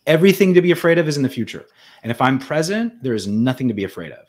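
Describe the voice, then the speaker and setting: A man's voice: mid-range voice, sing-song, very fast. A man guest in an interview, telling his own story in an earnest, reflective way, often restarting and repeating words. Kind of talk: conversational storytelling.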